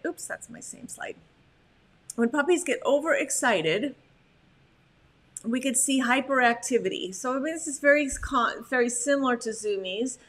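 A woman dog trainer giving a chatty, animated slide talk on puppy behavior, full of "like" fillers. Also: fairly high pitch.

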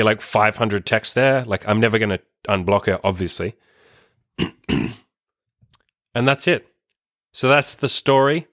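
Young male host, casual storytelling, bright tone, swears freely. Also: mid-range voice, no room sound, clean studio sound. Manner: animated, frequent swearing and fillers. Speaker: podcast host.

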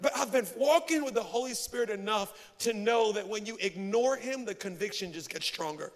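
A male pastor giving a sermon, telling stories in a lively way and poking fun at himself. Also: sits high, moderate pace, in a large hall. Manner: animated storytelling, self-mocking humor.

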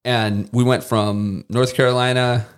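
His voice is mid-range, clean in tone and a little slow: a former Marine and contractor chatting casually as a podcast guest. He tells animated stories and raises his voice when acting out quoted lines.

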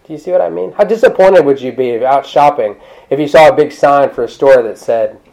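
A male pastor preaching a sermon in a conversational, animated way, breaking off into asides and restarting his sentences. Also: on the high side, fairly quick, gravelly, rough recording. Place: church.

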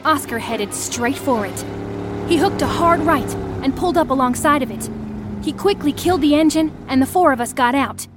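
High-voiced woman narrating an audio story. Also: normal speed, over music. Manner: expressive, acts out shouted lines. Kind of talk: scripted audio story narration, first person.

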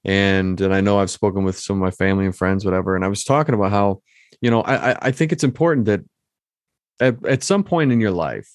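A man's voice: lowish voice, a little fast, no room sound, studio quality. A man from Michigan hosting his own podcast, talking on in a loose, rambling way with many ums and restarts. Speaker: podcast host. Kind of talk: casual solo podcast monologue.

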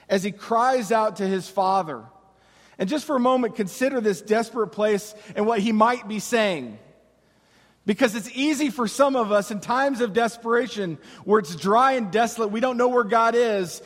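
A man preaching a sermon as pastor, with slow dramatic pauses and impassioned cries. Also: high voice, animated, long reverb tail.

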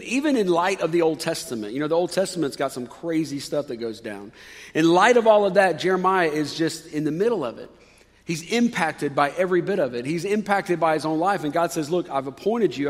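A man's voice: on the high side, long reverb tail. A male pastor preaching a sermon in a conversational way, rising with emphasis on key points.

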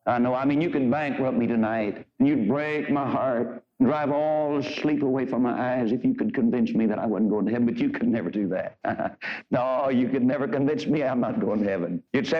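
A man's voice: medium pitch, a little fast. Old-time preacher man going hard in church, fiery and emphatic, muffled lo-fi tape sound. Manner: emphatic, fiery preaching that swings between quoted scripture and blunt talk. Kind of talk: fervent revival sermon. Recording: dull lo-fi archival sermon recording.

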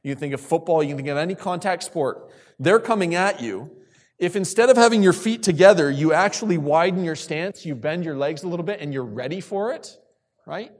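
A man preaches to a group of young people, his voice sitting a little high. He repeats key lines for weight and calls on listeners with questions. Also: lively intonation, fairly quick. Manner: repeats key phrases for emphasis. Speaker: youth speaker. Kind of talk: sermon.

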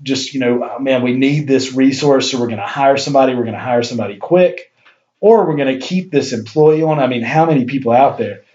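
A man's voice: mid-range voice, darkish tone. A man in casual podcast chat who rambles, laughs often and says "dude" a lot. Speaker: podcast guest author. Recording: dull lo-fi sound.

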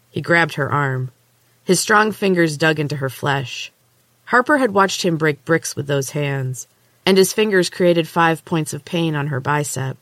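A woman podcast host narrating a novel chapter aloud in a steady, measured way. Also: deep voice, no echo. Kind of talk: storybook narration.

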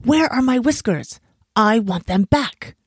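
A woman's voice: on the low side, lively intonation, moderate pace, creaky, darkish tone, dry recording, studio quality. A woman voicing a greedy, grumbling male monkey who squeals his demands and puts on false politeness. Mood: angry.

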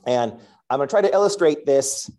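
Animated man telling a sermon story. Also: medium pitch, brisk. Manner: self-deprecating, animated storyteller. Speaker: school principal giving a devotional talk.

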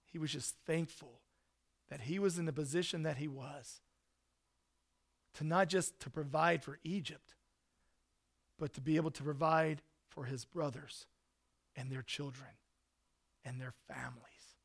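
A man preaching a sermon in an earnest way, rising to loud emphasis and dropping to soft, hushed lines. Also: fairly high pitch, fairly even intonation, a little slow, vocal fry, pauses often. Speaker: pastor.

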